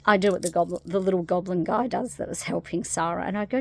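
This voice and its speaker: A woman talking casually to camera in a spiritual vlog, rambling softly with many fillers. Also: fairly low pitch, fast, gravelly, hardly any pauses. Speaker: spiritual vlogger.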